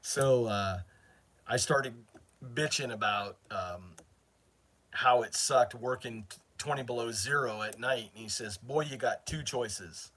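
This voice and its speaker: Middle-aged man from northern Maine, host type, chatty and rambling, mid-pitched voice. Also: unhurried, a bit bright. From northern Maine, USA. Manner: rambling, chatty, self-interrupting. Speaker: channel host. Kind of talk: casual storytelling to a live chat.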